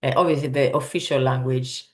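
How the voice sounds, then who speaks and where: A woman from Sardinia with an Italian accent, teaching in English in an unscripted talk full of ums, pauses and restarts. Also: a bass voice, steady tone. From Sardinia, Italy. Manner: hesitant, many ums and restarts.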